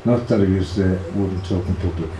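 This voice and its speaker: A low-voiced older man with a Liverpool accent talks a little fast as he reminisces about his brother in an interview, rambling and restarting with plenty of fillers. Expect an echoey room and faint hiss.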